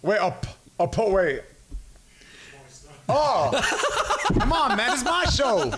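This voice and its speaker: A man's voice: high-pitched, takes it slowly, background noise. A male comedian hosting a podcast, telling stories in casual chat, swearing freely and acting out what people said. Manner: animated storyteller, swears freely, acts out quotes.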